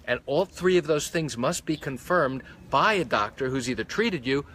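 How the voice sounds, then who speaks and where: A man's voice: mid-range voice, animated, moderate pace, fairly bright tone. A man, a malpractice lawyer, explaining a legal point on a live stream, counting off points one by one, into a phone held close. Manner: methodical, counts points off by number.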